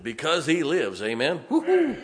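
In a mid-range voice at a moderate pace, a man delivers a lively sermon as pastor. He's folksy and playful, telling stories and raising his voice to drive points home.

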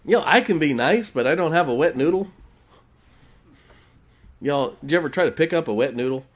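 A male preacher delivers his sermon in a folksy, chatty way, laughing often between points. His voice sits a little high for a man and swings up and down a lot. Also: lively intonation, brisk. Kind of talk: conversational sermon.

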